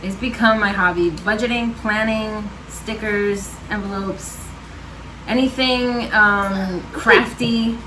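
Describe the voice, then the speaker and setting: A woman's voice: mid-range voice, steady tone, takes it slowly, bright, forceful tone, slight background noise, rough recording. A woman chatting casually on her home vlog, answering questions with lots of fillers and laughs. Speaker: vlogger. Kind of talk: casual chat.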